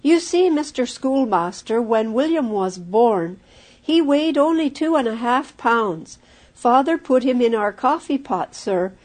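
A woman's voice: on the high side, animated, darkish tone. A woman voicing a small, brave boy who speaks up politely and earnestly for his brother. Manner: eager, polite, quick. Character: loyal brave little farm boy.

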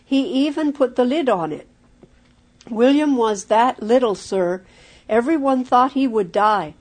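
A woman's voice: fairly high pitch, lively intonation, darkish tone. A woman voicing a small, brave boy who speaks up politely and earnestly for his brother. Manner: eager, polite, quick. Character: loyal brave little farm boy.

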